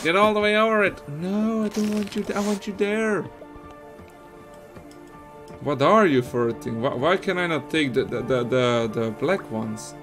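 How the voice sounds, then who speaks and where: A young Belgian man with Dutch as his first language, giving excitable, swear-heavy let's-play commentary with lots of laughing. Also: sits high. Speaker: gaming streamer.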